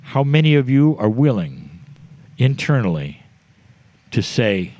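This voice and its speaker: A man delivering a channeled spiritual message to a live audience, speaking in short measured phrases and addressing the listeners directly. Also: mid-range voice, sing-song, darkish tone, no room sound, dull audio.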